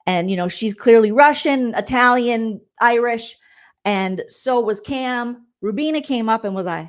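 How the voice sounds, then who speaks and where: A woman comedian hosting a casual reaction vlog, chatty and animated, full of asides. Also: fairly high pitch, normal speed. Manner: chatty and animated, acts out quotes with lots of asides. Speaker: comedian and reality TV recap host.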